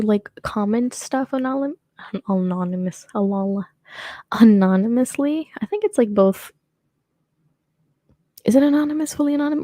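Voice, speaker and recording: Mellow-voiced young woman rambling. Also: mid-range voice, no echo. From United States. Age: young adult. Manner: rambling, self-mocking and jokey, laughing often. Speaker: show host. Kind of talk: casual chat commentary.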